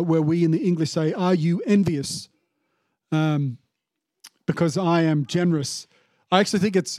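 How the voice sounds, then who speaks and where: Guy preaching a chatty sermon, high voice, lots of ums, dry close sound. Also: a little mellow, dry recording. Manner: casual, chatty, many fillers and restarts; acts out the landowner's lines in a mock-indignant tone. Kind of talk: conversational sermon.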